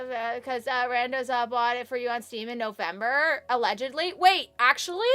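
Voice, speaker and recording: A woman's voice: high-pitched, bright, forceful tone. A young woman chatting casually on a live stream, thanking viewers, with lots of fillers and idle humming.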